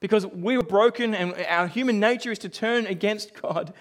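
Male pastor, high voice, chatty sermon delivery with asides and hushed drops. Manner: conversational storytelling with asides and quick dips to a hush.

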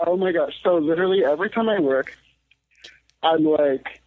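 A man calling in by phone, excited and giggly as he chats with the host. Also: on the high side, normal speed, no room sound, phone-quality sound. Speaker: caller. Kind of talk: excited phone call chat.

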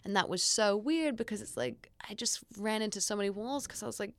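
A woman's voice: medium pitch, fairly quick, few pauses, dry recording, studio quality. A young woman with an Australian accent, chatting as a guest in an interview, full of "like" fillers and restarts. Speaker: guest actress. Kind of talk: casual interview chat.

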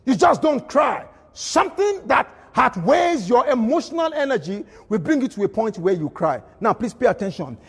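Male pastor, high husky voice, emphatic sermon delivery, long hall reverb. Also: sing-song, moderate pace, hardly any pauses. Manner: emphatic preaching with repeated phrases and bursts of shouting. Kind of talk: sermon at a midweek service.

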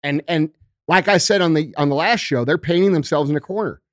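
A man ranting as a podcast guest, profane and forceful. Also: fairly high pitch, fairly quick, no echo, clean studio sound. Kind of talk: heated podcast rant.

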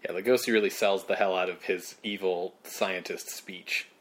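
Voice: deep voice, steady tone, moderate pace. A podcast co-host adds dry, joking commentary to a film discussion. The talk is casual and laid-back. Remarks come in a conversational, offhand way.

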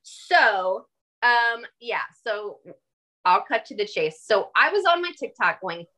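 Lively, bright-voiced woman telling a story. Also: on the high side, measured pace. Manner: animated, emphatic, swears. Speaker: podcast guest. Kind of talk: casual storytelling conversation.

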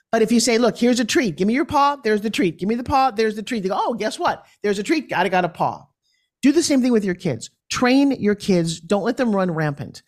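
A woman's voice: mid-range voice, lively intonation, fairly quick, a little mellow. A middle-aged woman, a podcast guest, telling parenting stories and acting out the voices of her children and others. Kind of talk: conversational storytelling.

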